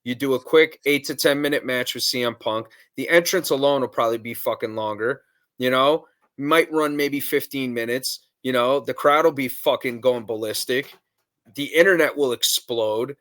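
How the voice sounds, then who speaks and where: A man's voice: medium pitch, moderate pace, a bit bright. A man hosting a wrestling podcast, talking in casual, blunt chat and swearing freely. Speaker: podcast host.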